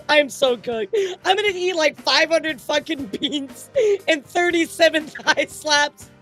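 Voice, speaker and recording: High-voiced excitable woman streamer. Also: measured pace, faint music behind. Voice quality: excitable, laughs often, swears. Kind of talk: live stream chat, thanking viewers.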